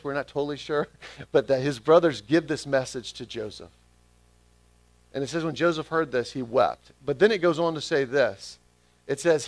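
A man's voice: medium pitch, dry recording. A man preaching a sermon, stressing his key phrases by repeating them back to the congregation. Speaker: pastor.

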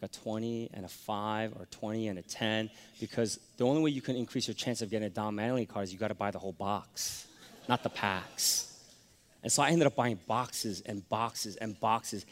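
A man preaching a sermon, telling a personal story that swings from hushed to loud. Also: on the low side, normal speed. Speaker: pastor. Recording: long hall reverb.

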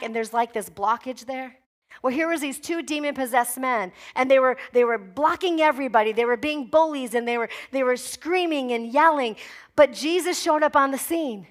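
A woman pastor with a high voice delivers an emphatic sermon. She is middle-aged and drives her points home with forceful spoken declarations. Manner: emphatic preaching, declaring commands with rising force.

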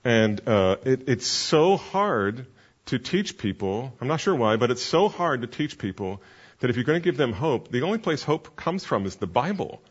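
A man's voice: mid-range voice, sing-song, moderate pace, husky, highs cut off. A man who is a pastor and counseling mentor, teaching a class in an earnest, conversational way with many fillers.

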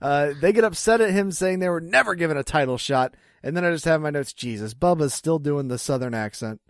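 A man's voice: on the high side, lively intonation, fairly quick, dry recording. A man co-hosting a podcast in casual chat, chatty and often laughing. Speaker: podcast co-host.

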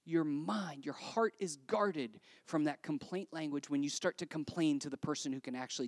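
A woman's voice: sits low, moderate pace, few pauses, no echo. Chatty woman preaching, dry close sound. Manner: conversational and joking, full of rhetorical tag questions. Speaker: pastor. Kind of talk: sermon.

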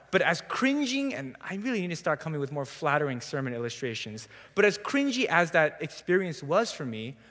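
Young man, preacher, casual storytelling sermon, slightly high voice, long church reverb. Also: a bit bright. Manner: conversational storytelling with self-deprecating humor. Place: church sanctuary.

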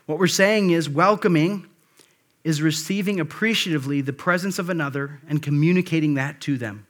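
A man's voice: fairly high pitch, fairly quick, a bit bright. A male pastor delivering a conversational sermon, with frequent asides and restarts.

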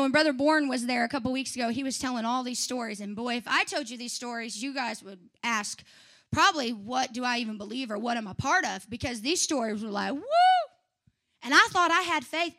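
A young woman preaching a sermon, swinging from fiery shouts to chatty asides. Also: sits high, brisk. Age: young adult.

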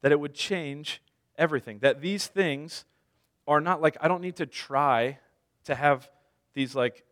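A man's voice: on the high side, unhurried, fairly bright tone. Man preaching a casual sermon. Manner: conversational storytelling with self-deprecating humor. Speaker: pastor.

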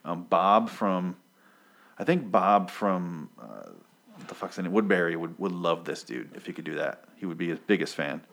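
A man's voice: sits low, lively intonation, moderate pace, vocal fry, a bit bright. A young man casually recapping a TV episode off the cuff, rambling, swearing freely and losing track of names. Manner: rambling, profane, loses his place.

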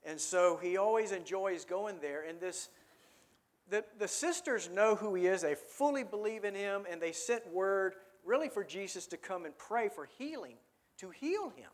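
High-voiced preacher chatting with his audience. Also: lively intonation, moderate pace. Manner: conversational, asks the audience questions, repeats words. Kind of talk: sermon.

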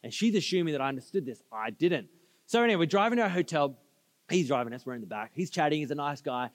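High-voiced pastor in an echoing hall. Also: male voice, expressive, fast talker. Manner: storytelling, conversational asides, audience call-and-response. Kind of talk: sermon. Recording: reverberant hall.

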